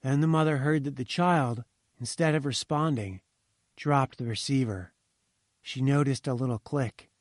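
A man reading a story aloud, measured and slowing at grim moments. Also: medium pitch, dry recording, clean studio sound. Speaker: narrator. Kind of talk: scripted narration of a story.

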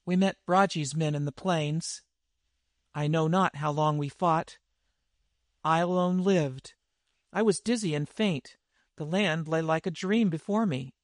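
A man's voice: a little high, a little slow, dry recording, studio quality, close to an everyday voice. A man reading the lines of a dazed, hardened barbarian warrior in a storybook.

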